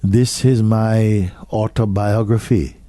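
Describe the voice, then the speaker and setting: A man as a spiritual teacher giving a slow, questioning talk to an audience, repeating short phrases and sometimes dropping almost to a whisper. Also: lowish voice, fairly even intonation, warm tone, no echo.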